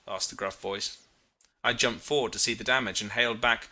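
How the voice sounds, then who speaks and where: A man reads a literary story aloud with a very bright, sharp tone. His delivery is expressive and reflective, shifting pitch to bring scenes to life. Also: normal speed. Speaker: narrator. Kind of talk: audiobook reading of a literary story.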